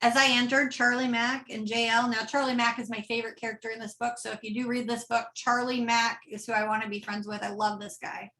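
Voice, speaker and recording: A woman's voice: a little high, flat delivery, fairly quick, few pauses, pushed and bright. A woman pastor preaching a sermon in a conversational way, often checking in with the congregation. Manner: conversational, often asking "right?". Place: church.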